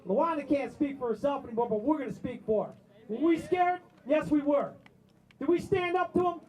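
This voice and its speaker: A man's voice: extremely high pitch, a little fast, darkish tone, rough recording. A man worker giving a defiant rally speech, answering his own rhetorical questions. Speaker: striking warehouse worker.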